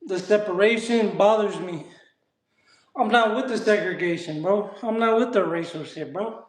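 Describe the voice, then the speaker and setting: High-voiced slangy guy streaming a workout. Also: normal speed. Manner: streetwise slang, talks back to chat. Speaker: streamer working out live. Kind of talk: casual live-stream chat while exercising. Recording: echoey room.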